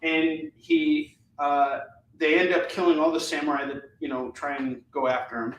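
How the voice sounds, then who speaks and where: A man hosting a live comic book sales show, chatting casually and enthusiastically, rambling with fillers as he pitches each book. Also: expressive, moderate pace. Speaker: live shopping show host selling comics. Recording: echoey room, mic at a distance, faint noise.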